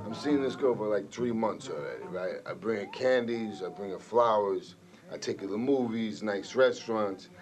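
A man's voice: on the low side, moderate pace, faint music behind, lightly acted. An actor playing a crude, boastful Italian-American tough guy with a New York accent, delivering an audition monologue. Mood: boastful swagger. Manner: swaggering, crude, rambling storyteller.

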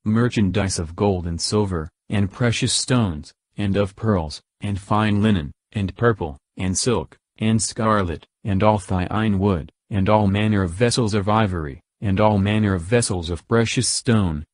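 A man reading Bible scripture aloud in a slow, measured recitation. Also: on the low side, no room sound, clean studio sound. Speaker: scripture reader.

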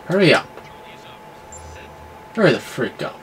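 A man giving live commentary over his own gameplay, excitable and yelling at the game, with clean substitute swears. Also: on the high side, measured pace, slight background noise. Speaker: gamer.

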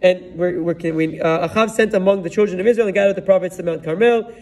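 A man's voice: high voice, quick pace, darkish tone, recorded from a distance. A man, a rabbi, retelling a Bible story in a sermon and weaving Hebrew terms and verses into his telling. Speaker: rabbi giving a Torah talk.

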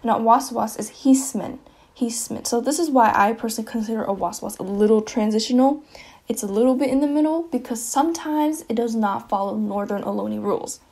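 A woman giving a casual slideshow lesson, saying each example word twice, with fillers and quick self-corrections. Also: a little high, darkish tone. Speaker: presenter explaining languages.

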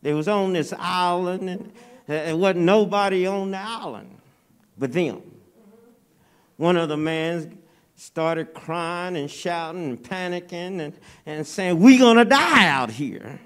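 A man's voice: sits high, slow pace, clean tone. A man preaching as a guest in a church, folksy and conversational with frequent stammered repeats. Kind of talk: Baptist sermon. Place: church sanctuary.

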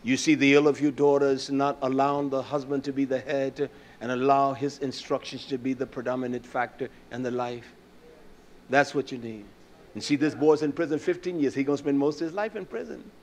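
A man preaching a sermon in a fiery, scolding style that drops to a quiet, storytelling voice. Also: mid-range voice, steady tone, fairly quick, a little hiss or hum.

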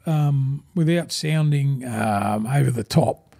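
A man's voice: medium pitch, takes it slowly, vocal fry, warm tone. An Australian man in his sixties, a podcast guest telling rambling, blokey stories and calling everyone "mate". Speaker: guest, former rugby league forward. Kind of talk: casual storytelling in a podcast interview.

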